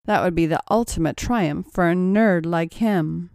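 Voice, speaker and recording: Slow, sultry woman narrator. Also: lowish voice, a little mellow, no echo, studio quality. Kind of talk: erotic audio story narration.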